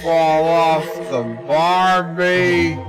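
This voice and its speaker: A man's voice: a little high, flat delivery, extremely slow. A man doing a put-on Australian accent as a rambling, jokey bloke telling tall tales. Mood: joking. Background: music.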